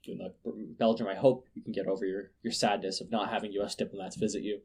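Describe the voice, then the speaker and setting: A man hosting a casual news podcast, sarcastic and quick to laugh, often restarting his words. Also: fairly low pitch, little pitch movement, vocal fry, a little mellow, breathy edge. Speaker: podcast host.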